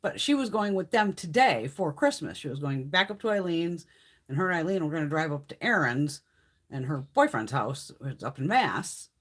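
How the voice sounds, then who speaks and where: Husky-voiced woman in her fifties, chatty. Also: sits low, sing-song, moderate pace. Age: 50s. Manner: chatty, swears freely, rambling storytelling. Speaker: beauty live-stream host. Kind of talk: casual live-stream chat.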